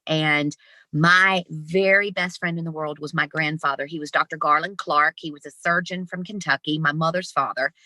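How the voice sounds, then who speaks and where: A woman in her fifties, an animated guest telling stories with laughs in an interview over a video call. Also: deep voice, no echo. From Southern United States. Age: 50s. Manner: animated, laughing, lively storyteller. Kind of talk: storytelling interview.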